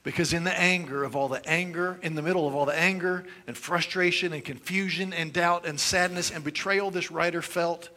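A man preaching a sermon, moving between hushed scripture reading and forceful exclamation. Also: on the high side, fairly even intonation, a little fast, few pauses. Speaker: pastor.

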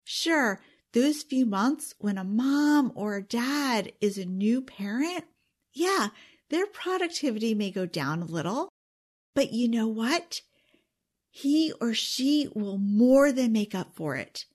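A woman's voice: on the high side, expressive, takes it slowly. A middle-aged woman hosting a podcast in a casual, emphatic way, often asking "okay?" and laughing. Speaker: podcast host. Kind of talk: casual solo podcast talk.

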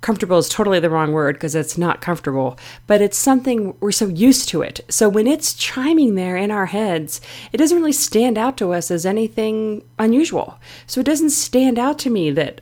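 A middle-aged woman talks through her own podcast on her own, candid and confessional, with loose fillers along the way. Her pitch sits in an ordinary middle range for a woman. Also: expressive, normal speed, a little mellow. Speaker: podcast host. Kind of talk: reflective solo podcast talk.

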